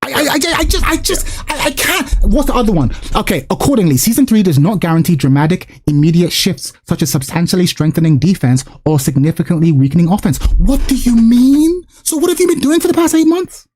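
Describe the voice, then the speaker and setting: A man's voice: high voice, very animated, a little fast, few pauses, a little mellow. Exasperated man ranting on a stream. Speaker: streamer host. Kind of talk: casual live-stream chat.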